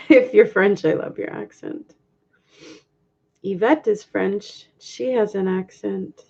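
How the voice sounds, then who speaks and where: A woman's voice: medium pitch, takes it slowly, vocal fry, a little mellow. A woman chatting casually on a live stream while decorating at home, thanking viewers and laughing often, over a webcam mic. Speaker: vlogger reading live chat. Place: home, indoors. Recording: dull lo-fi webcam audio.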